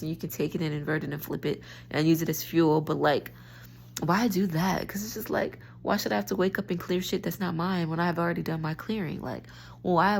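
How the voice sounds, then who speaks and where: A woman's voice: lowish voice, gravelly, slight background noise. A tired woman rambling in a frustrated, stream-of-consciousness rant into her phone, often restarting her thoughts. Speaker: spiritual vlogger.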